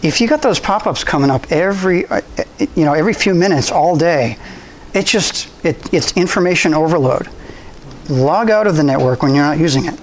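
Man presenting to a club audience, slightly higher pitch, easygoing with ums and restarts. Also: fairly quick, slight background noise, rough recording. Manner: conversational, relaxed, with frequent restarts and ums. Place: university room.

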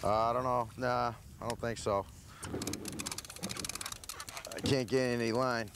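A man hosting a fishing show, giving excited on-the-spot commentary from an open boat at sea. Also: mid-range voice, moderate pace. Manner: coaching, exclaiming over the catch. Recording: loud wind and engine noise outdoors.

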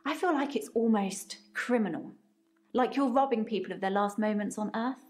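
A woman's voice: on the high side, moderate pace, close to an everyday voice. A woman voicing an earnest herbalist. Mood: firm. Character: calm female herbalist with firm views on death. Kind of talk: game character dialogue.

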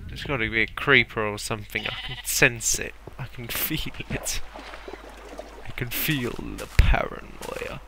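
Slow, gravelly young man. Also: medium pitch, background noise. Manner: rambling, self-mocking, muttering to himself. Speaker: gameplay commentator. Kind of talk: casual Let's Play commentary.

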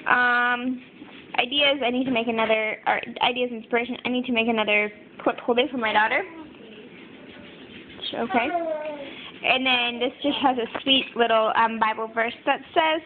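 Casual young mom vlogging at home, lots of ums, sounds like a phone line. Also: female voice, a little high, fairly even intonation, normal speed. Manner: chatty, apologetic, many fillers. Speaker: craft vlogger. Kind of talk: casual show-and-tell narration. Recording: tinny phone-like audio with faint background noise. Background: crying baby.

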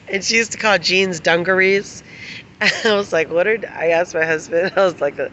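A middle-aged woman chats straight to camera in a bright, forceful voice, rambling from one story to the next. She laughs often as she talks and swears without a second thought. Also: lowish voice, measured pace, long pauses, muffled recording, slight background noise. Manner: giggly, laughs often while telling stories. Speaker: vlogger.

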